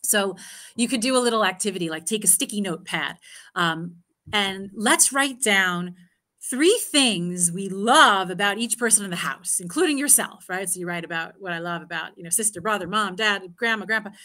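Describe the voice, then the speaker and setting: A woman's voice: medium pitch, moderate pace, pushed and bright. A woman with a nine-year-old daughter answers a parent's question in a live Q&A, earnest and full of "you know" fillers. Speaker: parenting speaker.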